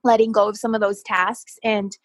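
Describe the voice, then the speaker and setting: A woman guest telling a personal story in casual conversation, animated and quick to laugh, often repeating words as she gets going. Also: mid-range voice, no echo. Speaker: podcast guest.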